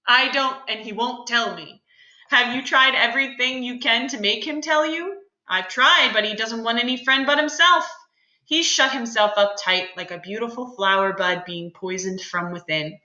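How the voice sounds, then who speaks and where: A woman's voice: a little high, moderate pace, sharp tone, muffled recording. A woman reading aloud as a worried noble father, earnest about his troubled son. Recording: roomy echo.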